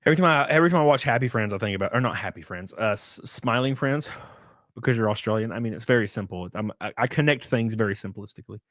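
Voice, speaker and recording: A man's voice: lowish voice, fast, a bit bright, dry recording, clean studio sound. A man live-streaming, chatting casually with his viewers, swearing, laughing and thanking them as he goes.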